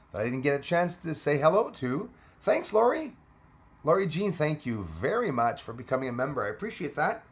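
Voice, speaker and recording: A man hosting a casual livestream, greeting commenters by name, laughing often and chatting loosely. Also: a little high. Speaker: livestream host. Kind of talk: casual live chat with viewers.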